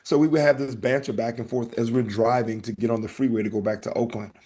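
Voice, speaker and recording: A man hosting a casual podcast, telling a story in an animated way and acting out the back-and-forth. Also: medium pitch, fast. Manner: animated storytelling, acts out exchanges. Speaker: podcast host.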